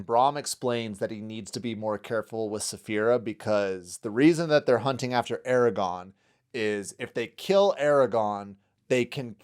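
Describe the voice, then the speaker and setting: A man co-hosting a casual film discussion podcast, enthusiastic, laughing often and acting out quotes. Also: lowish voice. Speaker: podcast co-host.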